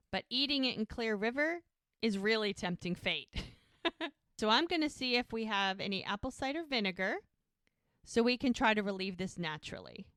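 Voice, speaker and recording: This is a woman co-hosting a rewatch podcast, talking through a TV episode and voicing the characters' dialogue as she goes. Her voice is smooth and clear at a middle pitch. The sound is close and dry, with no room echo. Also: fairly bright tone. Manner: retells scenes by acting out characters' lines, laughs often. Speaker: podcast co-host. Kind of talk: casual recap of a TV episode.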